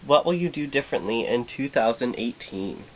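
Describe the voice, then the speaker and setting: A man's voice: medium pitch, lively intonation, moderate pace, slight background noise. A man co-hosting a casual podcast chat, laughing often and answering in an easygoing way. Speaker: podcast co-host.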